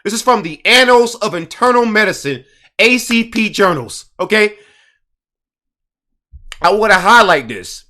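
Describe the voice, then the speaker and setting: A man with a high, bright voice talks in an indignant, emphatic way, repeating his points for force. Between his arguments he reads passages from an article aloud. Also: lively intonation, unhurried, long pauses. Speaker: commentator. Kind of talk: casual commentary.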